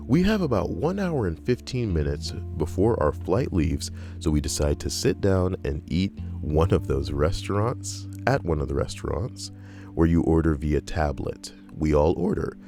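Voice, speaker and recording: A young man with a very deep voice reads stories aloud and keeps breaking off into sarcastic, profane, rambling commentary. His pitch swings widely between a low drone and sudden animated jumps, with faint music playing underneath. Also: moderate pace. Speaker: story reader and commentator. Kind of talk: reading stories aloud with reactions.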